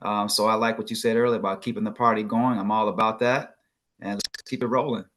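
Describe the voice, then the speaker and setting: Chicago guy, lowish voice, upbeat and earnest, talking on a video call. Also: steady tone, fast talker, fairly bright tone, a little hiss or hum. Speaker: guest speaker. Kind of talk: casual talk, motivational.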